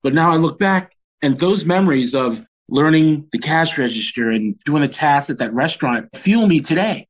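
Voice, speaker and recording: This is a man in his sixties, a guest on a leadership podcast recounting his childhood with sincere warmth of memory. His voice sits a little higher than most men's. He tells stories plainly and earnestly, picking up energy at the key moments. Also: normal speed, few pauses. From Washington, DC. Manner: earnest, animated when recounting anecdotes. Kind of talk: reflective storytelling.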